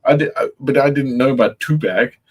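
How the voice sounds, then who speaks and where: This South African guy has a mid-range voice and talks fairly quickly in an easygoing, casual conversation. He's laid-back, leans heavily on slang, and curses freely.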